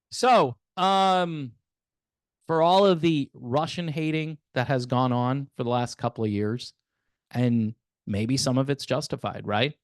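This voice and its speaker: A man's voice: medium pitch, a little slow, dry recording, clean studio sound. A man hosting a casual political commentary monologue, sarcastic and wry, chuckling and talking straight to his viewers. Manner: conversational, addresses viewers directly.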